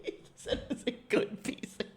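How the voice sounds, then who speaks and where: A man streaming in casual chat, reacting to a video and telling stories with lots of laughter and swearing. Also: moderate pace. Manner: animated storytelling, laughs often, swears.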